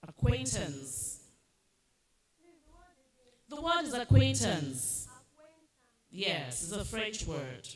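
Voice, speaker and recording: A woman serving as a spelling bee pronouncer, reading each word slowly and firmly telling children when they are not correct. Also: mid-range voice, sing-song, crowd noise. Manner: slow, deliberate pronunciation, firm instructions. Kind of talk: reading words and judging spellings. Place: school competition hall. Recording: echoey hall, faint noise.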